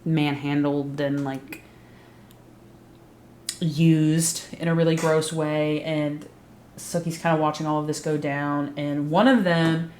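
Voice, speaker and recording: A woman with a somewhat low voice tells a story casually and swears a lot, acting out characters' lines as she goes. The recording sounds roomy and echoey, with a faint hiss underneath. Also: flat delivery, takes it slowly, a little mellow. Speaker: video recap host. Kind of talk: casual profane recap commentary.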